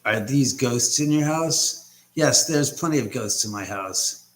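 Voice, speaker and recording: A man's voice: medium pitch, expressive, unhurried. A man hosting a casual livestream from his house on a laptop mic, rambling and greeting viewers by name. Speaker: livestream host. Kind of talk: casual live chat.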